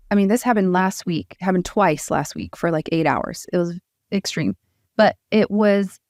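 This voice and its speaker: A woman's voice: medium pitch, darkish tone, no room sound, clean studio sound. A woman hypnotherapist guesting on a podcast, talking emotionally and circling through her thoughts, full of "like". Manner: emotional, rambling, heavy use of "like". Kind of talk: casual conversation.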